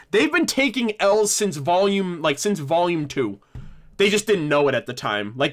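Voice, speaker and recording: A man's voice: a little high, a bit bright. A man hosting a casual livestream discussion, rambling with many restarts and some swearing. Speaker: livestream host.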